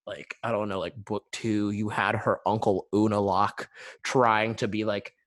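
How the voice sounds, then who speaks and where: Male guest, lower register, loose rambling chat over a video call. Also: flat delivery, a little slow, a bit bright. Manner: rambling, heavy use of "like" fillers. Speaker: guest artist and musician. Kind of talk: casual video-call interview.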